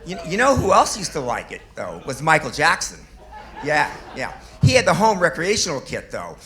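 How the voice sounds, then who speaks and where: A man's voice: fairly high pitch, huge pitch swings, moderate pace, a bit bright. A man in his fifties doing a stand-up comedy set on a club stage, delivering self-deprecating punchlines with little chuckles.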